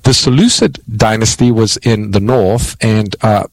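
A man hosting a call-in radio show, explaining Bible prophecy to callers in a measured teaching manner with frequent "uh" fillers. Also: on the low side, dry recording, low-quality recording. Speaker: radio Bible answer host.

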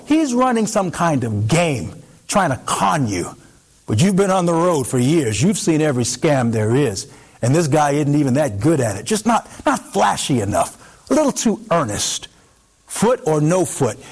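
A man narrating a second-person story in a very lively voice that swings up and down. He tells it expressively and dramatically, slowing down and pausing for effect. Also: medium pitch.

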